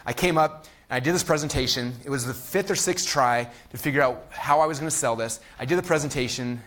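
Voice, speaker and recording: A man's voice: medium pitch, fairly quick, fairly bright tone. A man in his thirties giving a live marketing masterclass, telling a story at speed with energy and acting out quotes. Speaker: online marketing teacher.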